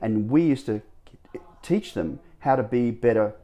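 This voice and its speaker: A man, telling his stories as an interview guest, rambling and animated with many restarts. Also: medium pitch, a little slow. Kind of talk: casual storytelling interview.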